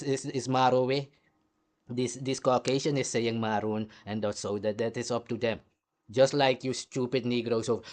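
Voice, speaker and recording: A man hosting a heated, combative commentary rant, swearing throughout. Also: medium pitch. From Caribbean. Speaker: host.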